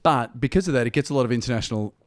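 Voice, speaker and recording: A man's voice: medium pitch, rapid-fire, slight background noise. An Australian man, a comedian guest, telling stories in a casual chat and acting out the people he quotes. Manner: animated storyteller, acts out quotes.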